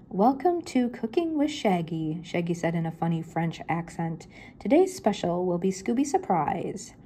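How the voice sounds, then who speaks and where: An older woman reads a children's chapter book aloud, rising higher for each character's line. Her voice sits a little low and mellow, with a faint background hiss on the recording. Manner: lifts her pitch for the characters' lines. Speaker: grandmother reading aloud.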